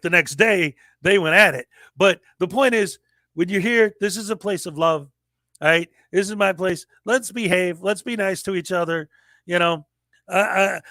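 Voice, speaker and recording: A man in his forties hosting a livestream, telling a story in a lively casual way and acting out the people he quotes. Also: high voice, no echo. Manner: animated storyteller, acts out quoted voices. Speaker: livestream host.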